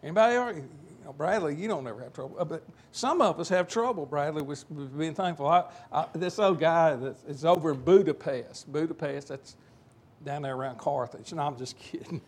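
An older man preaching an informal sermon in a folksy way, joking with his listeners and slowing down to stress key points. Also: on the high side, breathy edge. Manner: folksy, joking asides to the congregation; slows down and rises to stress key words. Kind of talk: informal sermon with a told joke.

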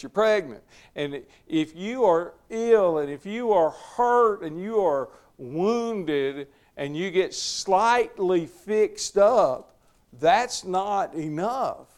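Folksy man with a gravelly voice. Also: high voice, expressive, slow. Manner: folksy, conversational, chuckles often. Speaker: preacher leading a Bible study. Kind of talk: informal Bible teaching.

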